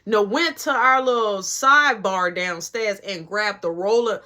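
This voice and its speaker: A young man telling a casual story, animated and swearing freely as he acts out what everyone said. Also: high-pitched, unhurried, hardly any pauses. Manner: animated, swearing, quoting others.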